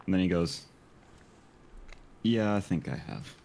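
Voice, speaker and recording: A man's voice: low-pitched, expressive, unhurried, vocal fry, a little mellow. A man playing a tabletop game, talking casually and a bit tentatively about his character's moves. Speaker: player.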